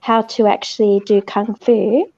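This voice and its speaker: Giggly gravelly woman, lo-fi sound. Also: medium pitch, flat delivery, measured pace, dark tone, no room sound. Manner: chatty, giggly, hesitant with fillers. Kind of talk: casual chat on a livestream.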